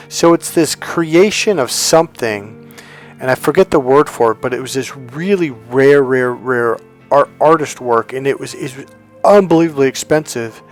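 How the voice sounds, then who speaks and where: Rambling self-help coach, man. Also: mid-range voice. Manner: rambling storyteller, restarts and acts out quotes. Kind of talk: casual talk to camera.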